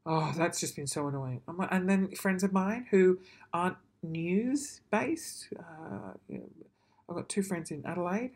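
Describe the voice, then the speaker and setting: A man's voice: high-pitched, lively intonation, measured pace. Man, casual vlog rant, profane, self-deprecating, rambling. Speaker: vlogger.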